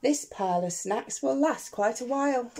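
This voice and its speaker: A woman's voice: a little high, expressive, normal speed, a little mellow. A woman voicing a hungry, polite male dog in a rhyming storybook, speaking in a sing-song, apologetic way. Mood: eager. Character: hungry, polite male pet dog digging for his bone.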